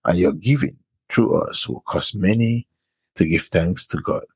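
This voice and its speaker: This scripture reader, a low-voiced, husky man, announces the book and verse before each passage he reads. His unhurried, animated delivery ranges widely in pitch and hits with emphasis, recorded close and dry without room sound.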